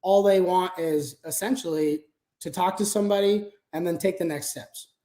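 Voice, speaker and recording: A man's voice: high-pitched, normal speed, dark tone, echoey room. A man talking casually as an interview guest about managing a sales team, explaining things step by step with frequent fillers.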